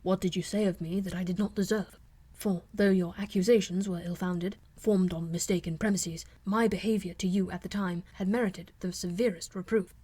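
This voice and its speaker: A proud young gentleman, read by a woman in an audiobook. His delivery is grave, unhurried and earnest, full of quiet remorse. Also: lowish voice, steady tone, breathy edge. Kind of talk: audiobook character reading.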